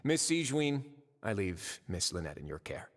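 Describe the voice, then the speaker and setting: A wry, drawling warden. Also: male voice, on the low side, sing-song, moderate pace, big-room sound. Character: suave male prison warden, dry wit. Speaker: game character.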